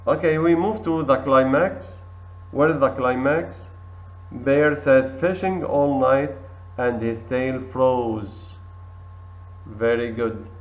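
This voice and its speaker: Slow-talking male English teacher, tinny audio. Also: mid-range voice. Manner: slow, repeats each word twice for practice. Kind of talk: recorded classroom lesson.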